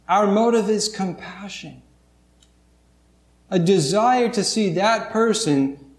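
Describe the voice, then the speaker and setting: A man's voice: sits high, reverberant. A man preaching a sermon as pastor, earnest and emphatic, mixing stories with scripture.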